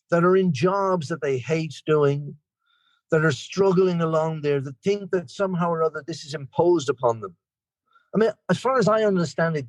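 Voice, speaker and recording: Older irish guy rambling on a call, kinda high voice, dead dry sound. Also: no echo. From Ireland. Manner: rambling, chatty, self-deprecating humor. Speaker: guest speaker. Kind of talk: recovery meeting share.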